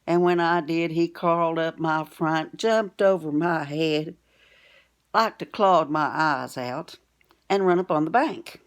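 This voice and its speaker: Brief: older woman vlogger, folksy and plain-spoken, with a slightly low voice. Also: slow pace. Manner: plain-spoken, homespun country phrasing. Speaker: storytelling vlogger. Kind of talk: folksy storytelling to camera.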